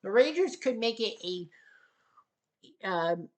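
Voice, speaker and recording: A woman giving play-by-play commentary on a table hockey game, with excited goal calls and sarcastic asides to the viewers. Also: a little high, takes it slowly.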